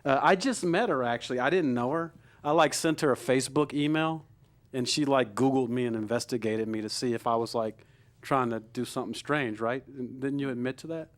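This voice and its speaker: A man's voice: medium pitch, brisk. A man of forty hosting a comedy show, joking about himself in a chatty way before he introduces acts. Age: 40s. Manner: self-mocking, chatty. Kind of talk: stand-up and emcee patter.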